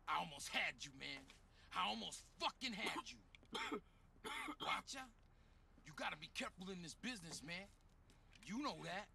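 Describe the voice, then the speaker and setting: A volatile, paranoid gangster boss in a video game cutscene, all threats and sneering menace. The voice is gravelly and bright-edged, leaping up and down in pitch. Faint game ambience hums behind him. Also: male voice, animated, a little slow, long pauses, slight background noise, heavily acted. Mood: mocking. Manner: explosive, threatening, then mocking laugh.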